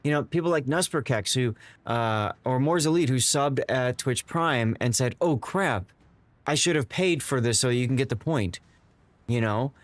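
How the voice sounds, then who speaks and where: Teary and emotional, a man on a live stream stammers his thanks to his viewers again and again in excited chat. His mid-range voice has lively intonation at a moderate pace, with no room sound.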